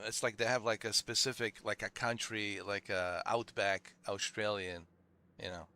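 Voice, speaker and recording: A man's voice: on the low side, level tone, moderate pace, sharp tone, clear, resonant tone. A man giving casual, rambling gameplay commentary, full of "like" fillers. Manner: rambling, heavy "like" fillers, chatty. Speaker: gaming video creator.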